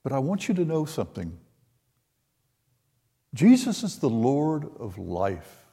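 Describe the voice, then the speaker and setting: An older man preaching a sermon, retelling a scripture story in an unhurried way and voicing the quoted lines. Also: medium pitch, huge pitch swings, gravelly, dark tone. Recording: long hall reverb.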